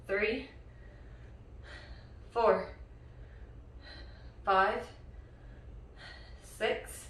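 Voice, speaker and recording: Slow-paced, breathless woman trainer counting reps, voice far from the mic. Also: mid-range voice, steady tone. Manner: counts reps aloud, encouraging. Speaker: fitness instructor. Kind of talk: home workout coaching. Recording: very echoey room, mic far off.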